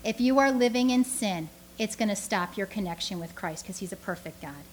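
A woman giving a lively, conversational sermon to a church audience, full of rhetorical questions and asides. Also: medium pitch, a little fast, slight background noise. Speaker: speaker teaching a church audience.

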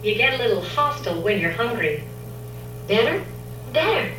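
An actress playing a gentle, patient sitcom mother in a TV ad, heard from a speaker across an echoey room over music. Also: on the high side, very animated, moderate pace, recorded from a distance. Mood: soothing. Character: gentle sitcom mother soothing her daughter. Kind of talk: scripted TV ad acting.

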